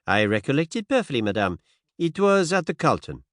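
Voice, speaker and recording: A man's voice: on the high side, very animated, brisk, fairly bright tone, no echo, studio quality, voice pushed up. A man reading the part of a fussy, precise older detective who slips French words into formal speech. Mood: courteous.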